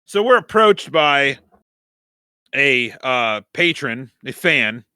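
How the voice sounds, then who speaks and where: A man's voice: mid-range voice, sing-song, slow pace, bright, forceful tone, smooth, dry recording. A man co-hosting a podcast in casual chat, laughing often and swearing casually. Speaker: podcast co-host.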